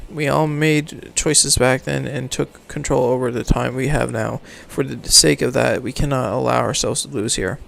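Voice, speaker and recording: A man reading a game's story aloud for a let's play, halting and correcting himself, then signing off casually. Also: medium pitch, fairly even intonation, creaky. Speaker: let's player, reading game text. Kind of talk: reading game narration aloud, casual outro.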